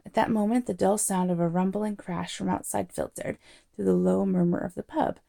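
Gravelly woman reading a novel aloud. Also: mid-range voice, steady tone, normal speed, mellow. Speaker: narrator.

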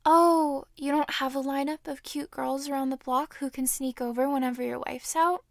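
A young woman in an intimate audio role-play, teasing and breathy, close to the microphone. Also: high voice, little pitch movement, a little fast, darkish tone, dry recording.

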